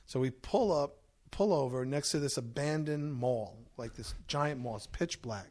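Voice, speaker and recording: A man who is a podcast guest, telling a story in a lively, profane way. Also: medium pitch, normal speed. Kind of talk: storytelling in casual chat.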